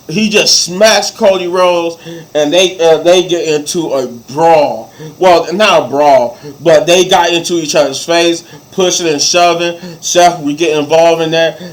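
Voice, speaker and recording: Guy reviewing a wrestling show, kinda high voice, acts out the quotes, loose casual talk. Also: a little slow, low-quality recording. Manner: retells scenes, acting out quoted lines. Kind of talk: casual recap commentary.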